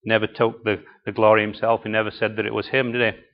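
A man's voice: fairly low pitch, little pitch movement, fast talker, highs cut off. A man preaching a sermon and often asking the congregation questions. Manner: conversational, asks the congregation questions.

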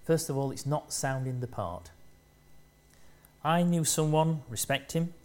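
A man preaching a sermon, speaking in short measured phrases and rising in force to stress key lines. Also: a little high, a little mellow.

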